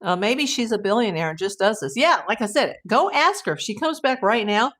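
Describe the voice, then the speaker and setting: A woman's voice: fairly high pitch, expressive, a little fast, a bit bright. A woman hosting a casual live stream, telling rambling anecdotes and laughing often. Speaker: host of a live YouTube channel.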